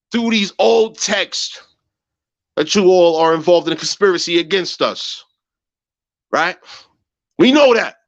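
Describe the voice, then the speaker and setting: A man hosting a heated livestream rant, profane and agitated. He repeats phrases and swings from low mutters to high shouts. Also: creaky. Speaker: livestream host. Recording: muffled lo-fi livestream audio.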